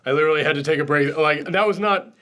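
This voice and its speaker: A man's voice: a little high, quick pace, sharp tone, soft background music. A man hosting a spoiler discussion, emotional and choked up, gushing and swearing freely as he talks. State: tearful, choked up. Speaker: host.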